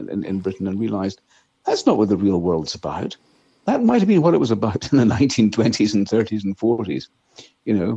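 A man with a low, husky voice talks in blunt, emphatic bursts and often repeats himself. His voice is recorded dry, with a dull lo-fi sound. He speaks as a guest commentator in a casual interview. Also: mellow, no room sound. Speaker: investment analyst and market commentator, guest.

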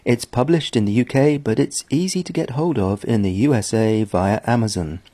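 A man's voice: mid-range voice, normal speed, warm tone, no room sound. A man who writes stories, giving a scripted announcement in a friendly, plain-spoken way. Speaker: story writer.

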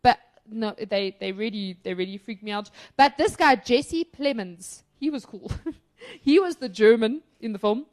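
A woman's voice: fairly high pitch, lively intonation, normal speed, a little mellow. A woman co-hosting a casual film review chat, emphatic and opinionated, laughing often. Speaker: podcast co-host.

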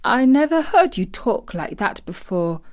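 A woman doing a sickly boy, higher voice. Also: big pitch swings, a little slow. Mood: delighted. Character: sickly, fretful boy, young, gentle.

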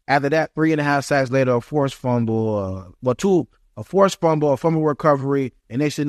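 Young guy, ex football player, chatty and excited, dry close mic. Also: mid-range voice, brisk, hardly any pauses, dry recording. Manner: animated, acts out quotes of family and fans. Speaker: former football player, guest. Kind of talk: storytelling interview.

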